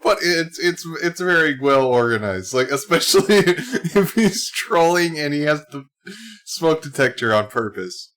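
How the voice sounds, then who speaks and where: A man's voice: fairly high pitch, animated, unhurried, fairly bright tone. A man streaming live, reacting to a clip with laughing, incredulous asides.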